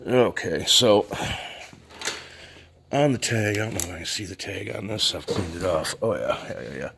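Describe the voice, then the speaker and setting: A man's voice: deep voice, animated, normal speed, vocal fry, fairly bright tone, slight background noise. A man rambling casually in his workshop garage about his engine, laid-back and folksy, with some mild cursing. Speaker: garage mechanic vlogger. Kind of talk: casual rambling shop talk.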